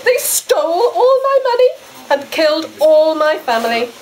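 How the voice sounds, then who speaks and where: A woman's voice: sits high, very animated, moderate pace, rough recording. A woman playing a haughty aristocratic exiled countess with grand, theatrical outbursts at a murder-mystery party. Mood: indignant. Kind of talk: amateur murder-mystery party role-play.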